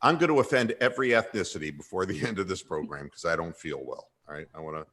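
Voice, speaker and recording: A man's voice: low voice, lively intonation, fast talker, a bit bright. A man hosting a comedic sports talk radio show, sardonic and irreverent, with frequent sighs.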